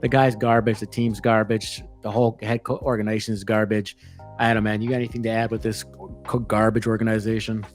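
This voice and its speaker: A man's voice: fairly low pitch, flat delivery, quick pace, faint music behind. A man co-hosting a sports betting podcast, rambling and ranting with many restarts in casual chat. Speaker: podcast co-host.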